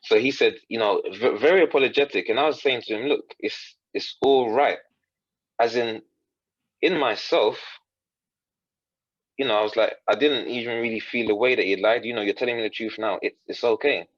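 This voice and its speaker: Speaking briskly at medium pitch, a coach guesting on a podcast earnestly relates a story, quoting others and restarting sentences again and again. The recording is dry, with the high frequencies cut off.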